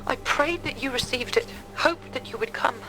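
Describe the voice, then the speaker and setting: A woman's voice: high voice, normal speed, soft background music, lightly acted, rough recording. Woman playing a frightened British girl in hiding. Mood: longing. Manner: hushed, pleading, old-fashioned speech.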